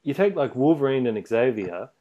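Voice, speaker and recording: Casual male podcast co-host, mid-pitched, rambling and laughing through movie talk. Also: big pitch swings, moderate pace, mellow, lo-fi sound. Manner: rambling, many fillers, laughs often.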